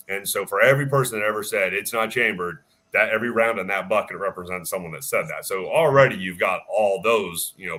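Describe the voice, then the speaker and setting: A man who works as a firearms instructor, telling a story in a casual, animated way with plenty of fillers. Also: on the low side. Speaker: firearms instructor and range staff. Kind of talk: casual storytelling on a live chat.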